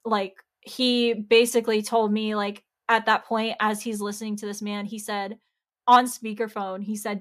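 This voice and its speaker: A woman's voice: medium pitch, level tone, unhurried, fairly bright tone. A young woman podcast host telling a workplace story in a casual, chatty way, peppering it with "like" and acting out the back-and-forth. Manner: chatty, heavy use of "like", acts out quoted exchanges.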